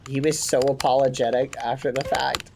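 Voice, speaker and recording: A man's voice: medium pitch, little pitch movement, normal speed, creaky, noisy background. A man streaming while he plays a game, chatting casually to his viewers and swapping swearing for mild exclamations. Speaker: livestreamer. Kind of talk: casual live-stream chat while gaming. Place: home gaming setup. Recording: keyboard clicks and typing behind.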